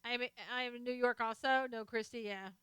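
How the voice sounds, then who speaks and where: Woman on a livestream reading chat and chatting back, bright clear voice, dry close sound. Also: on the high side, fairly even intonation, fairly quick, no room sound. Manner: chatty, reads out and answers viewer comments. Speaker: live stream host reading chat. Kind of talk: casual political chat with viewers.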